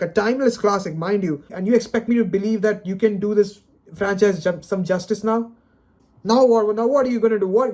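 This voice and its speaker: A man's voice: sits high, dark tone. A man ranting unscripted on camera, exasperated and dejected, sighing and stammering over repeated words. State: dejected and frustrated. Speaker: video creator. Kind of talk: unscripted solo rant.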